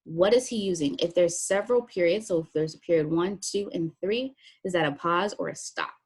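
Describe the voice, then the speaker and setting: Husky-voiced woman teacher giving instructions. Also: on the low side, brisk. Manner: step-by-step instructive, plain and practical. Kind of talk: recorded classroom lesson walkthrough.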